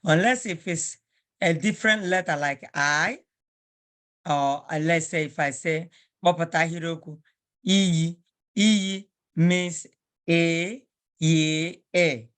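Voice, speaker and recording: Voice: mid-range voice, measured pace, fairly bright tone. A teacher whose first language is Igbo runs an online spelling drill over a video call. The teacher corrects students firmly and spells words out letter by letter.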